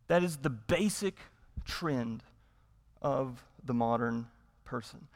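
A man's voice: mid-range voice, very slow, long pauses, big-room sound. A man preaching a sermon as pastor, emphatic, repeating his points and asking rhetorical questions.

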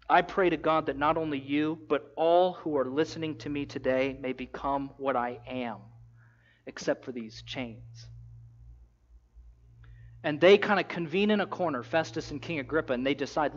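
A man delivers a sermon in a high, bright-sitting voice, telling the story with animated energy and slipping into casual, acted-out dialogue. The recording is a little dull and lo-fi. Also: moderate pace. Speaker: pastor.

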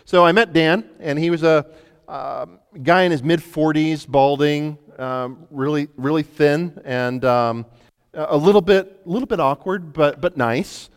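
Guy pastor preaching a sermon, kinda halting, repeats words a lot, big church echo. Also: a little high, clear, resonant tone. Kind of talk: sermon with personal storytelling. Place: church sanctuary. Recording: long hall reverb.

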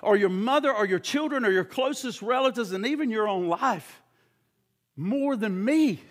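This high-pitched male preacher delivers his sermon at a moderate pace, his intonation lively. Urgent and emphatic, he stumbles on repeated words, peppers the crowd with rhetorical questions, and sometimes shouts.

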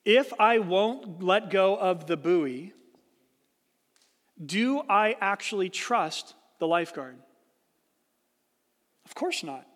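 High-pitched guy preaching, earnest storyteller, long echo like a big hall. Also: animated, slow pace, a bit bright. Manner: storytelling with acted-out quotes, earnest and explanatory. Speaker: pastor. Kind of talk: sermon.

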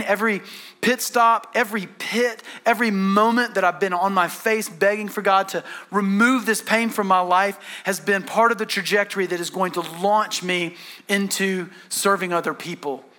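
Male pastor, high bright voice, earnest animated preaching. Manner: earnest and animated, repeats words for emphasis. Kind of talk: sermon.

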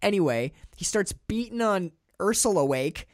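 Man, casual film talk, animated and profane, dry close sound. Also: high-pitched, moderate pace, no room sound. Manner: animated, profane, restarts often. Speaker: podcast co-host.

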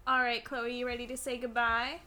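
A woman's voice: a little high, flat delivery, brisk, pushed and bright. A woman co-hosting a casual podcast chat, playful and teasing, laughing often. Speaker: podcast co-host.

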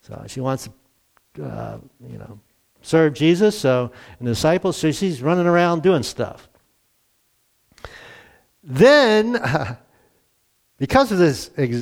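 A man delivering a relaxed, conversational sermon with a somewhat higher voice. He talks to the congregation like a friend, tossing out questions and chuckling now and then. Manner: conversational, asks the audience questions, chuckles often. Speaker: pastor. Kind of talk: casual sermon.

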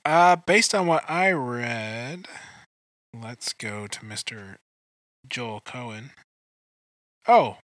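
A man hosting a casual movie review chat, talking in quick asides with lots of fillers. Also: mid-range voice, lively intonation, a bit bright, no echo. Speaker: podcast host.

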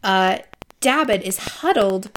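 A woman's voice: medium pitch, animated, slow, fairly bright tone, slight background noise. Chatty woman retelling a book scene. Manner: retells scenes with acted quotes, many fillers. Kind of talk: casual book recap.

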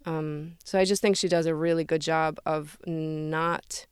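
A woman's voice: low-pitched, steady tone, measured pace, clear, resonant tone, dry recording, clean studio sound. A woman speaking earnestly as an interview guest, talking freely with fillers like "like" and "right?". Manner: earnest, fluent, many fillers like 'like' and 'right?'. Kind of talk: conversational interview.

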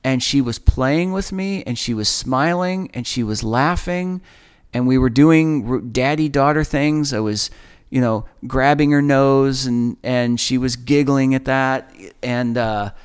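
A man in his forties telling a personal faith testimony in an earnest, emotional way, often halting and restarting. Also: mid-range voice, clear, resonant tone. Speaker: speaker sharing a personal testimony.

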